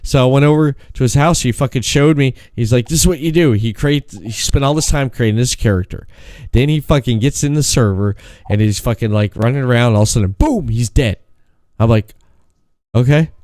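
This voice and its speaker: Man, podcast co-host; animated profane rants, dry close-miked sound. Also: mid-range voice, brisk, dry recording. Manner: profane animated ranting, acts out quotes in a raised voice. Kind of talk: casual podcast chat.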